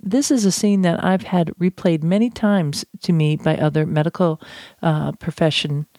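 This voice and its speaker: A communication trainer giving a chatty, animated teaching talk with self-deprecating asides. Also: mid-range voice, moderate pace, no echo, clean studio sound. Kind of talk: podcast-style teaching talk.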